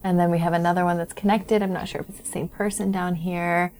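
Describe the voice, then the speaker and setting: A woman co-hosting a casual parenting talk, reading listener questions and acting out parents' thoughts in lively asides. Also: on the low side, fast talker. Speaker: parenting podcast co-host. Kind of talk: casual chat.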